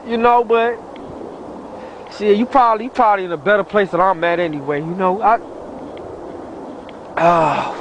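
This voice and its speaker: A high-voiced man talks in street slang to a friend who is gone, his voice choked up and breaking into crying. Faint traffic hums behind him outdoors. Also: fairly even intonation, brisk, lo-fi sound. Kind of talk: emotional monologue to a dead friend.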